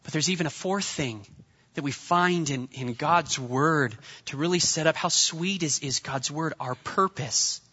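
Bright-voiced man preaching in a church. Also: on the high side, a little slow, husky, in a large hall, dull audio. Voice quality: bright, animated delivery with jokey put-on voices. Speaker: pastor. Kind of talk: sermon.

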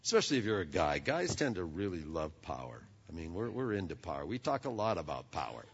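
A man preaching a sermon in a conversational way, often stumbling and repeating words, with lively asides. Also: sits low, quick pace, husky. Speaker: pastor. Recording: dull sound with long hall reverb.

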